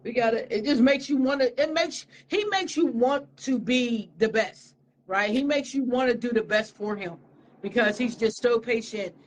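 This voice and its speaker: A woman talking casually as an interview guest, relaxed and slangy, with frequent fillers and restarts. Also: fairly high pitch, normal speed, slight background noise, rough recording. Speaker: interviewee, media studio owner.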